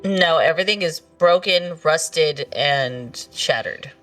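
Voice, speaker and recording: A woman's voice: sits low, animated, takes it slowly, a bit bright, recorded from a distance, soft background music. Woman dm running a tabletop game, laughs a lot, um's here and there, sounds kinda off-mic. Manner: laughs often, playful narration with filler words. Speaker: game master.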